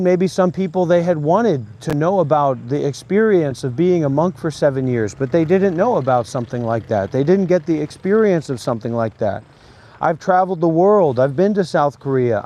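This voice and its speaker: A man's voice: fairly high pitch, lively intonation, moderate pace, warm tone. A man who is a former Buddhist monk, talking to camera outdoors in a graveyard. He rambles and preaches, repeating phrases over and over.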